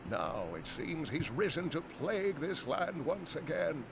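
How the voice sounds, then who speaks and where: An actor playing a wise, weary old male scholar in a game, telling old tales slowly and solemnly. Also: a little high, big pitch swings, gravelly, noisy background, exaggerated voice. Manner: slow, solemn storytelling. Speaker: game character.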